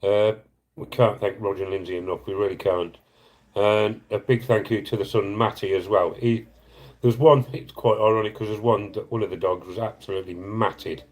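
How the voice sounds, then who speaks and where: A man's voice: fairly low pitch, steady tone, normal speed, low-quality recording. A middle-aged man on a casual live stream, earnestly and emotionally appealing for donations, rambling and apologising as he reads comments.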